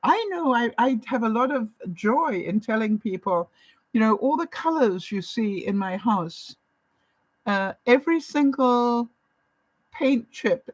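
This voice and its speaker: A woman's voice: mid-range voice, no echo, poor audio. A woman, talking to camera as a vlogger in a chatty storytelling way, often breaking into laughs. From Canada. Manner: animated, chatty, laughs often while telling stories.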